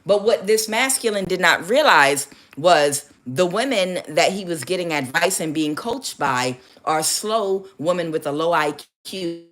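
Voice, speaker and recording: A sassy woman with a lowish voice gives a casual tarot reading. She talks in an animated way, often laughs, and calls the listener child. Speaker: tarot reader.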